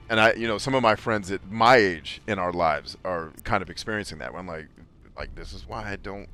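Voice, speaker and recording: Middle-aged male host, lowish voice, blunt and emphatic, swears freely, casual chat over faint music. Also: fairly bright tone. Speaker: podcast host.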